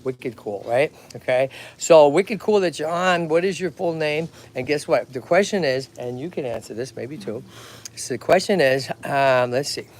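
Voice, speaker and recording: A man's voice: on the high side, normal speed. A man with a Massachusetts accent hosting a livestream outdoors at a tortoise pond. He talks energetically and chattily, and keeps checking in with "okay?" and "right?". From Lowell, Massachusetts. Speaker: tortoise rescue host. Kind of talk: livestream chat.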